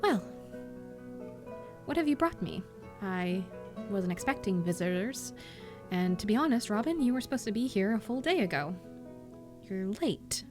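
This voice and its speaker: A woman voicing a composed, kind but stern fairy queen with a measured, dignified manner. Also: mid-range voice, expressive, music in the background, natural voice. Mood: gracious.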